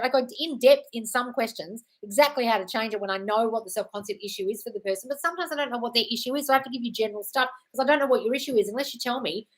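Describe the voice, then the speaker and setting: A woman's voice: fairly high pitch, rapid-fire, hardly any pauses. Blunt, sweary Australian woman on a live stream. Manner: blunt, sweary, calls viewers darling; reads viewer comments aloud. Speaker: manifestation coach answering live chat questions.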